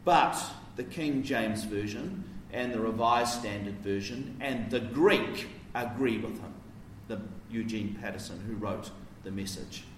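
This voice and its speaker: A man's voice: fairly low pitch, unhurried, hardly any pauses, a little hiss or hum. A man preaching a sermon in a conversational, explanatory way, posing questions to his listeners. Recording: roomy, distant mic, faint ambience.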